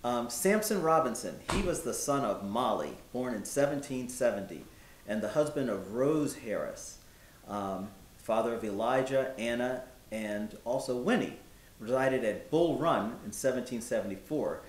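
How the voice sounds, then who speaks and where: A man in a historical reenactment, playing someone who respectfully reports news of freed neighbors, listing facts in a measured way with many pauses and ums. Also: lively intonation, natural voice. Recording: roomy with faint low rumble.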